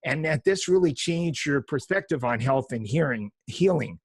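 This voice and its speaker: 50s male podcast host, a touch high-pitched, dry sound, formal intro read with fillers. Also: animated, normal speed, breathy edge, no room sound. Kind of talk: interview podcast.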